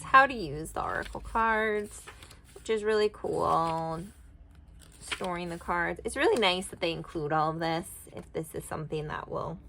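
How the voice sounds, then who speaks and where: A woman's voice: medium pitch, gravelly, fairly bright tone, a little hiss or hum. A woman vlogging an oracle card reading, chatty and rambling as she thinks aloud. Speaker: tarot and oracle card reader. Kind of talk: casual card-reading vlog.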